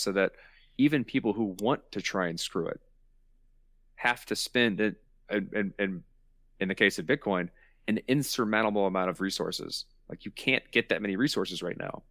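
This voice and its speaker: A man's voice: on the low side, fairly bright tone, no room sound, clean studio sound. A man hosting a podcast in casual chat, explaining his point and repeating words for emphasis. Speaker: podcast host.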